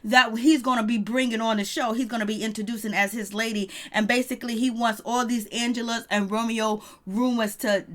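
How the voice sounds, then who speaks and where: A woman with a fairly high voice talks through a reality-show episode, chatty and gossipy. She speaks casually to her viewers and slips into acted-out bits of what the cast said. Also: steady tone, a little fast, few pauses. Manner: chatty, gossipy, acts out quoted lines. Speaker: reality TV recap vlogger.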